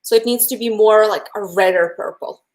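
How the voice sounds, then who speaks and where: A woman's voice: mid-range voice, fairly quick. A young woman with a Russian accent, teaching a live painting lesson, chatty and friendly, who talks straight to her viewers and answers their chat. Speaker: painting instructor.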